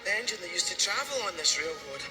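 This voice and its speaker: A man's voice: high-pitched, very animated, fast. A man voicing a laid-back, slangy young conductor who talks breezily and sighs a lot. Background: music.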